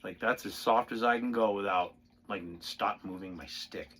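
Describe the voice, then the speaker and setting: A man giving a casual drumming lesson, talking through a soft-playing exercise with sudden loud, excited bursts between quieter asides. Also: fairly low pitch, normal speed. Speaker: drum instructor.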